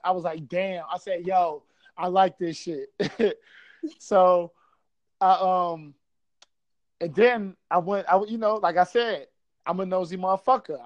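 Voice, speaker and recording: A man's voice: sits high, lo-fi sound. A man from Buffalo telling a casual story, swearing freely and acting out quotes. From Buffalo, New York.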